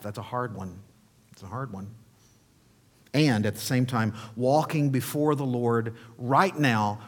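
A male pastor delivers a sermon at an unhurried, deliberate pace. His voice sits at an ordinary middle pitch, and he talks in an earnest, emphatic way that sinks to a hushed whisper at times.

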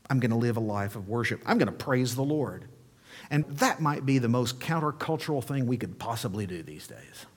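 A man preaching a sermon and leading a closing prayer in an earnest, emphatic way, sometimes dropping to a hushed whisper. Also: mid-range voice, husky. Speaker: pastor.

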